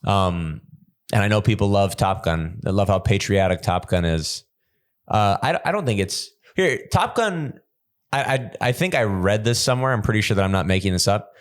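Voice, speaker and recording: A young adult man, a stand-up comedian hosting a podcast, telling stories in a rambling, animated way with lots of restarts. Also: fairly low pitch, normal speed. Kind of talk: casual comedic chat.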